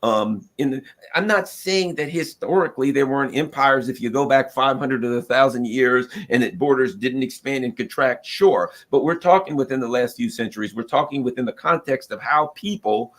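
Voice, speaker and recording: Emphatic American political commentator. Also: male voice, medium pitch, normal speed, hardly any pauses, fairly bright tone. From United States. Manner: emphatic, argumentative, acts out quoted voices of nations. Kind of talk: opinionated commentary monologue.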